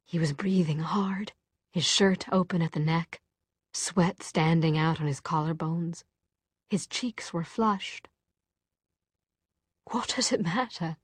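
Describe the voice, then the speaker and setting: A woman narrating a novel in a measured, softly dramatic reading. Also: lowish voice, steady tone, husky, no echo. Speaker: audiobook narrator. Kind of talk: scripted narration.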